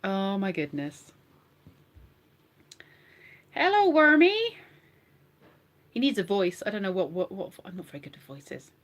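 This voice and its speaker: A woman's voice: fairly low pitch, brisk, few pauses, darkish tone. A woman vlogging casually from bed at home, giggly and rambling as she chats to her viewers. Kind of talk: casual live chat to viewers.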